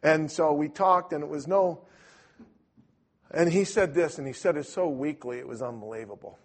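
A man's voice: a little high, normal speed. Older man telling a rambling story. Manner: rambling, animated, lots of restarts. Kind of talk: casual storytelling.

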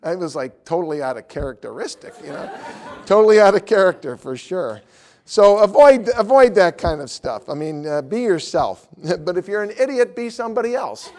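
A man teaching a class on evangelism in a lively way, laughing often and acting out voices. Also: sits high, moderate pace. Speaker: evangelism trainer.

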